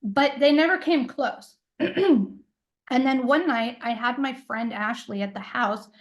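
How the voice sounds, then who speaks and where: Her voice leans high and a little slow, captured on a low-quality recording. A middle-aged intuitive coach and interview guest, she meanders through a personal story full of fillers, performing the quoted lines of people involved.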